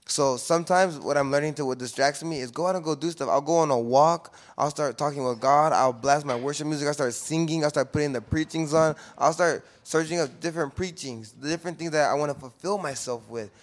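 A young man leading a casual faith talk with a group, relaxed and conversational, often trailing off softly. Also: fairly high pitch, brisk, few pauses. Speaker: youth group leader.

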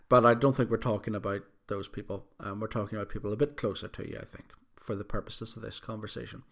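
A man's voice: on the low side, steady tone, quick pace, gravelly, few pauses. A man hosting a podcast, talking alone in a rambling, self-deprecating way with many fillers and restarts. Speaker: podcast host. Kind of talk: casual solo podcast monologue.

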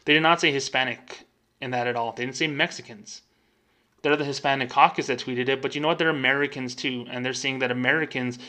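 A man's voice: medium pitch, a bit bright. A man and former bank employee hosting a show, ranting in an emphatic, indignant way and repeating words for stress. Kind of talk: casual rant.

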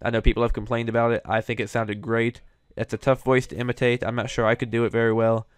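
A man's voice: mid-range voice, flat delivery, fast, clean tone, no echo. A man hosting, giving casual, hedging commentary on cartoon voice recasts, with frequent fillers. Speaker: host reviewing voice recasts.

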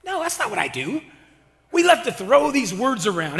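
A man's voice: very high-pitched, sing-song, fairly quick, vocal fry, a bit bright. A male pastor preaching an impassioned sermon with casual, slangy talk and call-and-response to his church. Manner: colloquial, slangy. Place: church sanctuary. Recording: reverberant hall.

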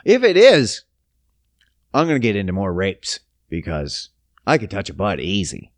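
A man's voice: on the low side, huge pitch swings, normal speed, no echo, clean studio sound. A man ranting casually, profane, sarcastic and rambling. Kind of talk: casual rant.

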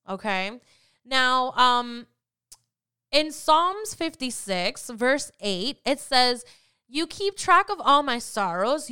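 On a faith podcast, a woman host speaks earnestly and encouragingly, often repeating phrases for emphasis. Her voice is on the high side, smooth, with a sharp tone.

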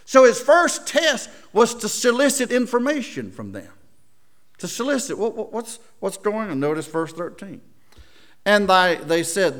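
A man preaches through a Bible passage, reading each verse and then unpacking it. His voice sits high and swings widely as he acts out the lines. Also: normal speed. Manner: animated, reads scripture then explains, acts out lines. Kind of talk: expository Bible sermon.

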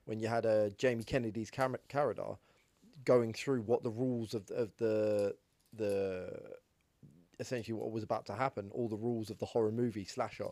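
A man's voice: fairly low pitch, fairly even intonation, moderate pace, a little mellow, dry recording. A man chatting casually about films, explaining at length with many restarts. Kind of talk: casual film discussion.

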